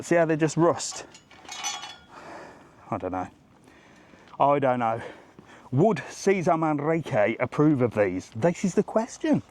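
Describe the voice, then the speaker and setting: This travel vlogger, a man in his forties, has a mid-range voice that's a little mellow. He hosts a casual live vlog while strolling a seaside promenade outdoors, talking in a chatty, rambling and jokey manner.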